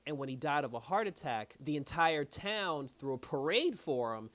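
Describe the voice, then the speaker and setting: A man's voice: a little high, expressive, moderate pace, fairly bright tone. A man giving a casual, slangy recap of a TV episode, telling the story loosely with lots of fillers. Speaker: show reviewer.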